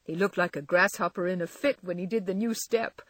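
A woman voicing a clumsy, impulsive and good-hearted teenage girl who talks in quick, bright exclamations. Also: lowish voice, fairly even intonation, no echo, natural voice. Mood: chatty.

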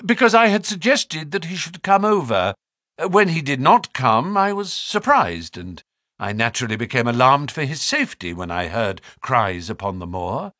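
A man voicing a jaunty, nervous male naturalist with fluttering, high-pitched exclamations in an audiobook reading. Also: big pitch swings, moderate pace, pushed and bright, no room sound, clean studio sound. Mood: anxious.

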